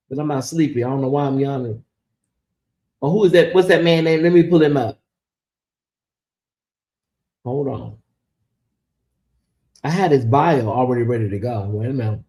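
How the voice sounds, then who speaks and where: A man's voice: fairly high pitch, animated, unhurried, pauses often, darkish tone. A man hosting a gossip show in casual commentary, sassy and chatty, calling his viewers y'all and honey. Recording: echoey room.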